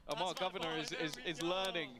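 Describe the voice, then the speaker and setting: A man's voice: fairly high pitch, steady tone, a little fast, crowd noise. A man giving broadcast analysis of an esports match, breaking down the play.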